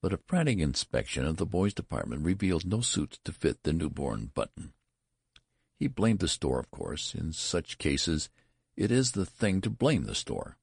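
Very deep, gravelly male narrator. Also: sing-song, moderate pace, a little mellow, no echo, clean studio sound. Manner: acts out the dialogue. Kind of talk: audiobook narration.

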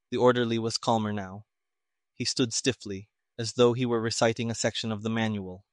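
A man narrating a mystery story in an even, measured reading. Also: fairly low pitch, dry recording, clean studio sound. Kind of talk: audiobook narration of a pulp mystery.

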